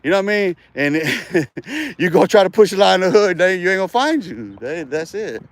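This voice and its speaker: A man's voice: high voice, big pitch swings, moderate pace, no room sound. A man livestreaming outdoors in a park while walking, talking casual street slang and boasting with profanity.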